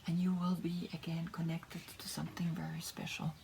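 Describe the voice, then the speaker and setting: A woman reads tarot in a soft, encouraging voice that often sinks into a whisper. Her tone is mellow and lowish, and she takes her time with every phrase. A faint hiss sits under the voice. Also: completely flat delivery, a little fast, creaky. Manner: gentle, encouraging, with frequent tag questions. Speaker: tarot reader. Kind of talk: tarot reading with guided meditation.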